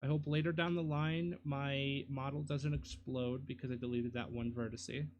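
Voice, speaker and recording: A man's voice: medium pitch, level tone, normal speed, highs cut off, slight background noise. A man streaming live, casually muttering to himself and apologizing, self-deprecating as he works on a 3D model.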